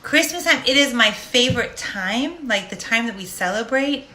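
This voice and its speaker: A woman's voice: a little high, expressive, normal speed, bright, forceful tone. A woman, a life coach, speaking directly and animatedly in a casual faith-based monologue. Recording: roomy echo.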